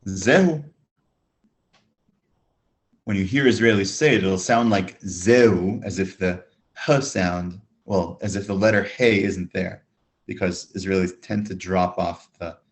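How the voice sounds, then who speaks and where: A man with a low, deep voice gives a beginners' language lesson. He explains each word slowly and clearly, breaking the sounds apart for learners. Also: steady tone. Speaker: Hebrew teacher.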